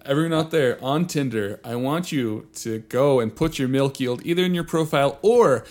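A man co-hosting a podcast in casual chat, loose and profane, laughing often between quick stories. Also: medium pitch, darkish tone. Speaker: podcast co-host.

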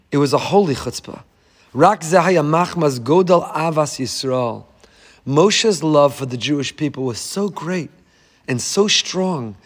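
A man, a rabbi, giving a passionate sermon with dramatic swings between loud declarations and hushed, tender phrases. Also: a little high. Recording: long hall reverb.

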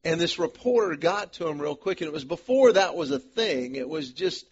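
A man's voice: fairly high pitch, normal speed, husky, muffled recording. A man in his fifties leading a men's study group, telling stories to a live audience and acting out the voices of the people in them. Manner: animated storyteller who acts out quoted voices. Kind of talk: storytelling talk to a live group. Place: meeting room before a live audience.

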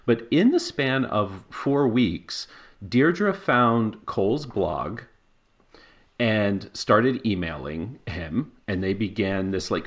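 A man hosting a podcast, talking loosely over a video call. His voice sits low, and he wanders through his points with lots of "um"s and laughs. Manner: rambling, with many fillers and laughs. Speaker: podcast host. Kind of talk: casual podcast chat. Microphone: personal microphone on a video call.

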